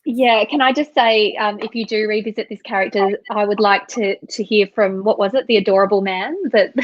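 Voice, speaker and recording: A woman's voice: medium pitch, moderate pace, dry recording. An Australian woman hosting an interview over a video call, enthusiastic and eager to promote. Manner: enthusiastic, promotional, warm praise. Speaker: interviewer host. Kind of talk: casual interview chat. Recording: dry, dull lo-fi sound.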